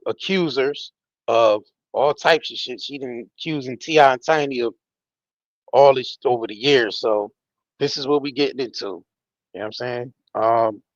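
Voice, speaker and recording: A man's voice: medium pitch, no room sound. A man hosting a live stream, giving casual commentary in loose, slangy, emphatic talk and swearing freely. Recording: dull, dry lo-fi audio.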